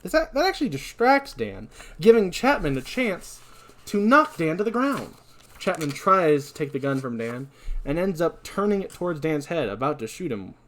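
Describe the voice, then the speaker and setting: A male podcast host narrates a movie recap with lively, animated delivery. He throws in self-deprecating asides as he goes. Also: on the high side, normal speed.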